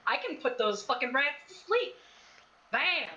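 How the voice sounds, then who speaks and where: A woman playing a tabletop game, bantering in character quickly and cheekily. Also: high voice, sing-song, dull audio, crowd noise. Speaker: player.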